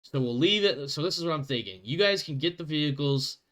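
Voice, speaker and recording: A man acting as game master, rambling through his narration and laughing easily. His voice sits a little higher than most men's. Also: animated, a little fast, a bit bright.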